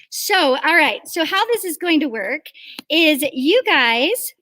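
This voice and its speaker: Slow-talking woman host calling the game. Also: sits high, sing-song, bright, forceful tone, dry recording. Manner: cheerful, laughing, calling out names. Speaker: improv host. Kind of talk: hosting an improv game.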